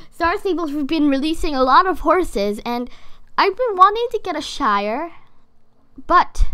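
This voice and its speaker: A high-pitched woman, a gaming YouTuber, hosts a casual reaction video, excitable and rambling with lots of filler words.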